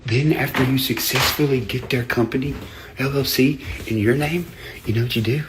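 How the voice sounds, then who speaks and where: A man's voice: mid-range voice, fairly even intonation, normal speed, noisy background. A man ranting casually and profanely on a livestream, boastful and laughing often. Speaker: livestream host.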